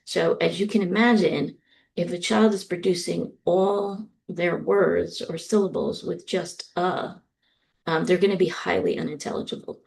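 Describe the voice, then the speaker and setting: A woman's voice: on the low side, fairly even intonation, unhurried, gravelly, darkish tone, slight background noise. A middle-aged woman from the US East Coast giving a university lecture, explaining steadily with frequent ums. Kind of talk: recorded lecture.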